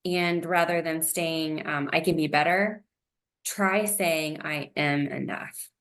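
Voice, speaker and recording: A woman with a somewhat low voice leads a wellness lesson. She speaks in a gentle, encouraging way, often pausing on an "um" before going on. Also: fairly even intonation. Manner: gentle, encouraging, uses fillers like um. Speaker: presenter.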